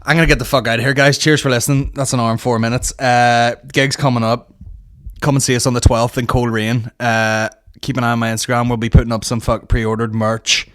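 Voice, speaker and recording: A man hosting a comedy podcast, wrapping up with quick, offhand, sweary chat. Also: medium pitch, little pitch movement, dry recording, studio quality. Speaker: podcast host.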